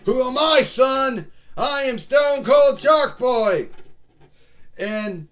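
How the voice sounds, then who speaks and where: A brash, boastful shark wrestler who bellows every line, as a man puts him on. The voice sits high and the delivery is slow and drawn out, all swagger for a homemade toy wrestling show. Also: lively intonation, a bit bright, full character voice. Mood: boastful shouting.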